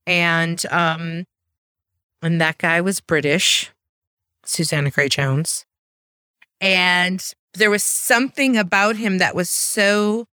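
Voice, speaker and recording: Bright, animated woman sales trainer. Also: fairly low pitch, no room sound. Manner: animated storyteller, acts out quotes. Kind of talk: casual podcast chat.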